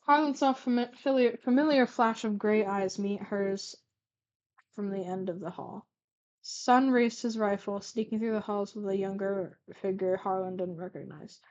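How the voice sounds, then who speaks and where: A woman's voice: medium pitch, moderate pace, a little mellow, dull audio. A young woman reading old fanfiction aloud, stumbling over words and breaking off for sarcastic asides. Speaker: reader.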